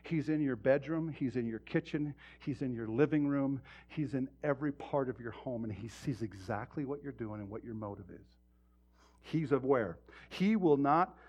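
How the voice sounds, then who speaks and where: In a church sanctuary, a male pastor preaches directly to his congregation, posing rhetorical questions. His medium-pitched voice is mellow with a breathy edge, and the sermon recording is muffled and lo-fi.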